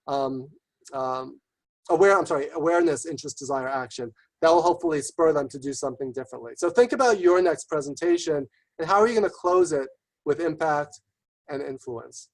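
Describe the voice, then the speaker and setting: A man giving a webinar presentation, talking quickly and enthusiastically and checking in with "right?" often. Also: high voice, poor audio. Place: remote webinar.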